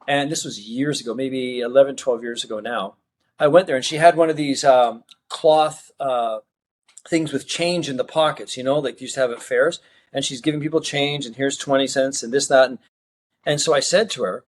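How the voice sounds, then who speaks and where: Middle-aged male magician from Australia, relaxed interview storyteller, average pitch, lively quoted dialogue. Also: normal speed. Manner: animated storyteller who acts out quoted dialogue. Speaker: magician guest.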